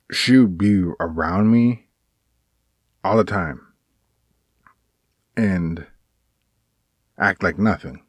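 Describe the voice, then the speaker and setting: Low-voiced man venting in a vlog. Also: dry recording, studio quality. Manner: rambling, halting, with many restarts; earnest and aggrieved. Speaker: vlogger. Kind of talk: casual personal vlog monologue.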